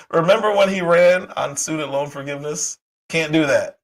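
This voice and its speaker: A man hosting a political commentary livestream, hoarse from a cold, talking heatedly with rhetorical questions and frequent restarts. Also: on the high side, measured pace, low-quality recording. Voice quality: husky. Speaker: livestream host.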